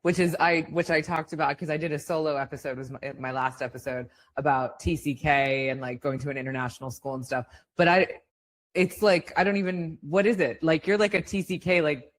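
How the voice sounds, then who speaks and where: A woman's voice: low-pitched, fairly even intonation, fairly quick. A woman hosting a podcast, chatting casually and reflectively with her guest. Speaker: podcast host. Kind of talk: casual interview conversation.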